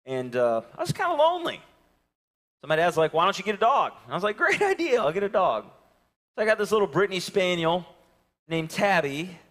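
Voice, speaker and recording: A man in his thirties preaching a sermon and telling a story, swinging from loud calls to hushed near-whispers. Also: a little high, long reverb tail. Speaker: pastor.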